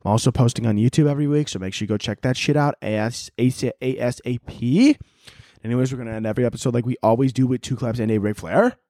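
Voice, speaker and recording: A man hosting a podcast, riffing in a profane, animated comedic monologue and acting out silly voices. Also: mid-range voice, fast talker, no room sound, studio quality. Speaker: podcast host.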